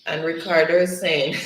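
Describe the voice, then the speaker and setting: A man's voice: on the high side, flat delivery, measured pace, a bit bright. A man hosting a casual livestream, reading viewer comments aloud and laughing often between them. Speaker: livestream host. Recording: roomy, distant from the mic.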